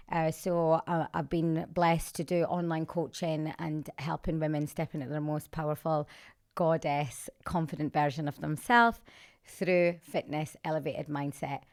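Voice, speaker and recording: A woman, a singer and fitness coach talking enthusiastically as a podcast guest, quick to laugh. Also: deep voice. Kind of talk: casual podcast conversation.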